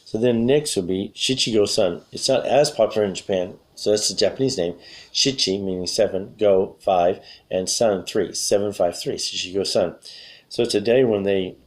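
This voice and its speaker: A deep-voiced man gives a relaxed spoken English lesson. His voice is slightly hoarse, and he clears his throat now and then. He rambles along and often corrects himself mid-sentence. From USA. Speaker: English teacher. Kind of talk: casual spoken lesson for learners.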